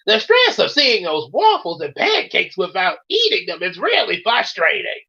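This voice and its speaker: A woman's voice: mid-range voice, wildly swooping pitch, moderate pace, sharp tone, exaggerated voice. A woman voicing a hungry boy who drags out each word about food. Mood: yearning. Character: hungry whiny boy craving breakfast. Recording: dull lo-fi audio.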